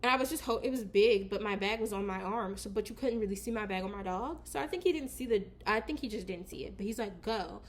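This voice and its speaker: A woman vlogger chatting casually to her camera at home, telling a story with slang and quick asides. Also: medium pitch, a little hiss or hum. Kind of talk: casual story time chat.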